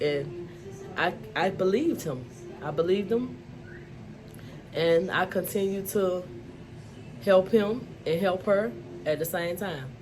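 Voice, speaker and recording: A woman's voice: fairly low pitch, animated, slow, pauses often, background noise. A woman telling her own life story to the camera in a candid, emphatic way, often saying "you know" and "y'all". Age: adult, mother of school-age children. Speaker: vlogger. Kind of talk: personal storytelling vlog.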